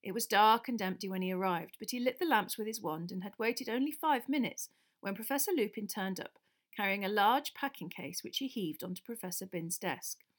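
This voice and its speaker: A woman reading a children's fantasy novel aloud, in a steady, even narrating voice at a middling pitch. The delivery is calm and clear, the plain voice of a reader at home with the text. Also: fairly quick. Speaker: audiobook reader. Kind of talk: storybook narration.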